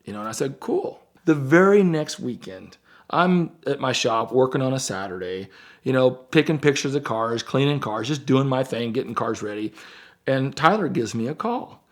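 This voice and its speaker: A man telling a story at an easy conversational clip, his voice sitting at an ordinary middle pitch. He rambles through fillers and jumps into animated versions of what other people said. He sounds like a dealer recounting a deal to friends. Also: moderate pace. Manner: animated, acts out quoted dialogue. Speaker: car dealer. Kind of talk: casual storytelling.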